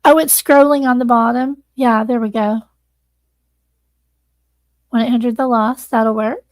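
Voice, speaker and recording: A woman's voice: on the high side, steady tone, a little slow, dry recording. A woman hosting a livestream, earnestly thanking viewers and close to tears. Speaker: livestream host. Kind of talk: casual livestream sign-off.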